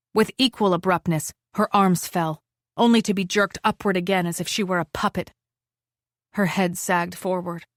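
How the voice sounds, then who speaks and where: A woman narrating an audiobook thriller in a steady, measured reading, giving the characters their lines. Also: on the low side, dry recording, clean studio sound. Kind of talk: scripted narration.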